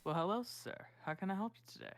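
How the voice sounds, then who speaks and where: A woman voicing a courteous, soft-spoken woman who offers her service, hushed and polite for a tabletop game character. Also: fast talker, close to an everyday voice. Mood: politely welcoming. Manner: polite and hushed, lifted in pitch.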